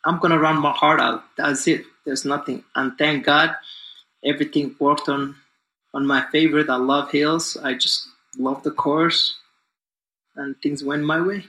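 A confident man in his forties talks about himself in a loose, easygoing flow, circling back with fillers. His voice sits a little high and rings bright and forceful. The room around him is echoey. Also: little pitch movement, unhurried. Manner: confident and upbeat, loose and rambling with many fillers. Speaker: guest, distance runner. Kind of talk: casual interview talk.

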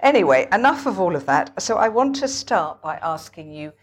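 A woman's voice: fairly low pitch, very animated, normal speed, a little hiss or hum. A woman hosting a book event, introducing and questioning an author with many hesitations. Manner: hesitant, full of ums. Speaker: host interviewer.

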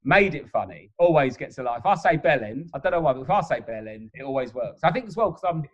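A male comedian guest on a podcast, talking casually and rapidly with frequent restarts. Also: medium pitch, expressive, muffled recording.

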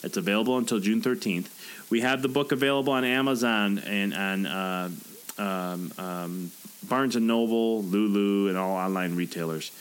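A man's voice: fairly low pitch, fairly even intonation, moderate pace, clean tone, poor audio. Earnest man coaching his listeners. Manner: earnest, coaching, acts out inner voices. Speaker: podcast host and author. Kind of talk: motivational solo podcast talk.

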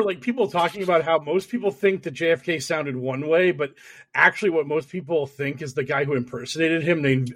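A man's voice: on the high side, fairly bright tone, dry recording. A man co-hosting a casual podcast chat, rambling through stories with lots of fillers. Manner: rambling, loose storytelling with many fillers. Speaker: podcast co-host.

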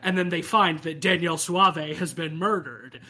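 Man, podcast co-host, casual film chat, animated, laughing, bright tone, slightly high voice. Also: normal speed.

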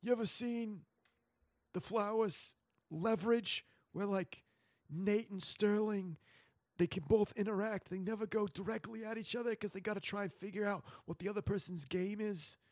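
High-voiced man playing a laid-back hitman. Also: steady tone, moderate pace, no echo, clean studio sound. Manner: rambling, playful, plans out loud. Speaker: podcast co-host running the scene. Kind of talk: improvised tabletop role-play.

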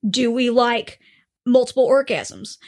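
A woman's voice: a little high, unhurried, darkish tone. A woman co-hosting a podcast in a chatty, rambling way, swearing freely. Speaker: podcast co-host. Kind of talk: casual chat.

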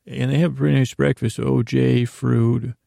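Male podcast host, gravelly and mellow, meandering casual recap, dry close sound. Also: mid-range voice, flat delivery, moderate pace, no room sound. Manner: meandering, self-correcting, reads his notes aloud.

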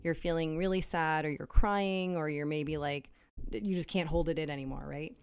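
A woman's voice: low voice, fairly even intonation, moderate pace, smooth. A woman co-hosting a podcast in casual chat, telling stories and acting out the people she quotes. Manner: chatty storyteller, acts out quoted voices. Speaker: podcast co-host.

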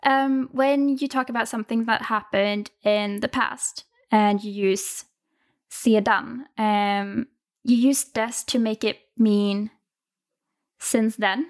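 Swedish-native female tutor, slightly high voice, patient and encouraging. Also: steady tone, slow pace. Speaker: language tutor. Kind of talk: casual language lesson.

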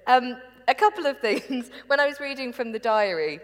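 A woman's voice: a little high, normal speed, long reverb tail. A woman, a documentary presenter and academic, chatting casually and laughing as she tells behind-the-scenes stories. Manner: lively, laughing storyteller.

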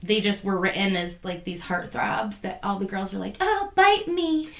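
A woman co-hosting a podcast in casual chat, her voice croaky and hoarse, talking in a bubbly, animated way. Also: medium pitch, moderate pace, echoey room. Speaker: podcast co-host.

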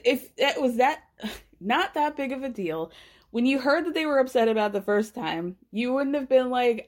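A woman's voice: high voice, expressive, normal speed. A woman hosting a podcast, giving a casual, blunt and sarcastic recap of a reality show, swearing freely. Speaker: podcast host.

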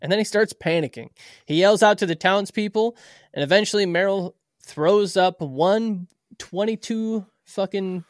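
A man's voice: high voice, normal speed, no room sound, studio quality. A man co-hosting a podcast, summarizing episodes in a loose, casual way with plenty of swearing. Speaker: podcast co-host recapping episodes.

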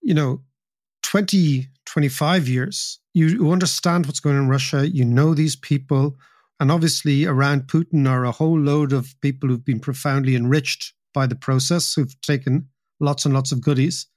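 A man's voice: medium pitch, steady tone, moderate pace, darkish tone, no room sound. Probing male podcast host, dry sound. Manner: probing, with stammering restarts. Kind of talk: interview questions.

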